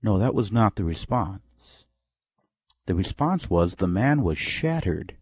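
A man's voice: low-pitched, very animated, slow, darkish tone, slightly rough, no room sound, clean studio sound. A man preaching a sermon. He reads scripture aloud and acts out imagined replies to make his point.

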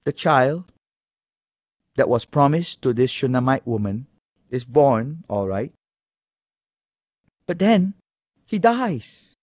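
A man preaching an expository sermon in an earnest manner, with sudden high emphatic rises. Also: darkish tone, breathy edge, dry recording.

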